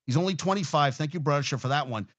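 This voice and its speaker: A man's voice: on the high side, fast, fairly bright tone. A man hosting a sports talk show, ranting casually and heatedly with lots of swearing and restarts. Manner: profane, heated, rambling with restarts.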